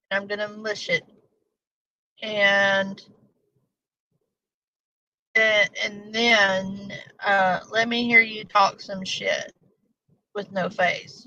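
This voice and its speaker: A woman's voice: medium pitch, bright, forceful tone. A woman voicing an arrogant, vain female moose in a poor British accent that comes out Valley Girl, making profane threats. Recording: dull lo-fi stream audio.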